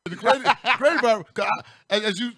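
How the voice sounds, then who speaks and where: A man's voice: very high voice, a bit bright, slightly rough, no room sound, clean studio sound. A man co-hosting a live radio talk show, teasing in casual slang and often repeating his words as he starts a sentence. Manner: quick, stammering repetitions and playful teasing in slang. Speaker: radio co-host.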